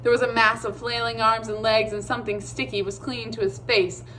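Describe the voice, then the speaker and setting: A woman's voice: fairly high pitch, little pitch movement, a little fast, pushed and bright, a little hiss or hum, low-quality recording. Woman reading a story aloud. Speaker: audiobook reader. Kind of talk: storybook narration.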